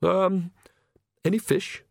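A man's voice: sits high, fairly even intonation, slow, vocal fry, no echo, studio quality, pitched above the performer's own voice, full character voice. A man voicing a nervous young male priest who stammers and apologizes. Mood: flustered.

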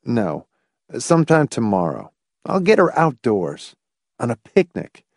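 A man playing a steady, determined man in an audiobook, low, quiet and resolute. His delivery moves between flat stretches and lively turns, recorded dry and close. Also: unhurried, creaky, no room sound, full character voice.

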